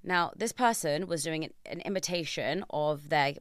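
Young woman, podcast host, low-ish voice, emphatic storyteller, dry room. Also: moderate pace, no room sound. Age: young adult. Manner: animated storyteller, rising to emphatic outrage. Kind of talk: conversational podcast interview.

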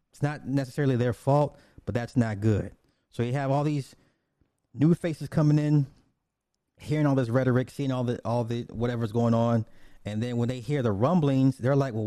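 Blunt man ranting casually, dark dry voice. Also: medium pitch, dry recording. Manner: blunt, profane, repetitive, restarts often. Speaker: commentator.

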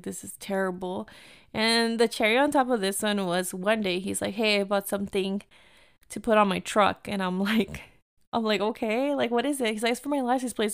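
A woman's voice: mid-range voice, clear, resonant tone. A woman in her thirties telling a casual story, full of filler words and acted-out quotes, with a few Spanish phrases dropped in. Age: 30s.

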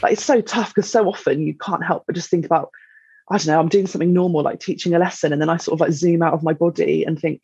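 A woman talks as a podcast guest, reflective and halting with many fillers. Her voice is husky and fairly flat in pitch. The recording sounds dull, dry and lo-fi. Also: no echo. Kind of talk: candid conversation.

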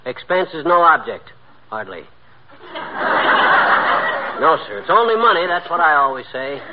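A man's voice: on the high side, sing-song, normal speed, lo-fi sound. A man playing a boastful, wisecracking husband trading insults in a 1940s radio comedy. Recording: noisy old radio recording.

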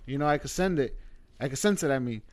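A man's voice: medium pitch, animated, quick pace. A man telling a story in casual chat, loose and profane, full of fillers and "bro".

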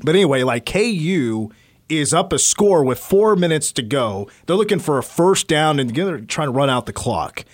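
Sports talk host dude, dry close mic, walks through game recaps nice and steady. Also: male voice, on the high side, moderate pace, dry recording. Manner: steady storytelling, recaps games in detail.

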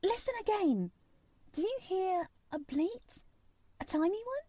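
A woman voicing a serious, earnest young girl who talks in a hushed, intent way. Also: very high-pitched, big pitch swings, unhurried, dry recording, voice pushed up, full character voice.

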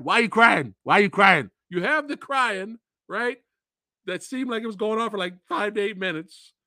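A man hosting a casual movie review show, talking in an animated, profane and repetitive way and laughing often. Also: sits high, no echo, studio quality.

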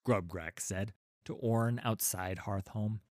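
A man's voice: fairly low pitch, slow pace, darkish tone, no room sound, clean studio sound. A man narrating a children's storybook, with wry, playful asides to his listeners.

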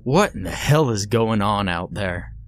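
A man's voice: lowish voice, expressive, a little slow, soft background music. A man voicing a nasal, irritated male diner cook in a horror story reading. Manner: loud and irritated.

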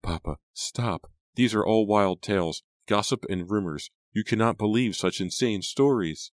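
A man's voice: low-pitched, moderate pace, no echo, studio quality, close to an everyday voice. A man voicing a defiant teenage girl who pleads and shrieks at her father. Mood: pleading.

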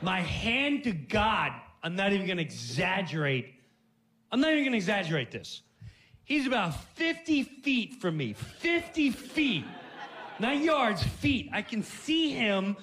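A man hosting a podcast and telling comic stories, animated and laughing, jumping into voices. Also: high-pitched, measured pace, a little hiss or hum. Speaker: podcast host. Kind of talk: comic storytelling.

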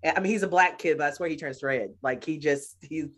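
Female guest, middle-aged, lowish voice, lively storyteller with frequent laughs, casual interview. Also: fairly quick. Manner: animated storyteller, laughs often. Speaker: guest, speaker and author.

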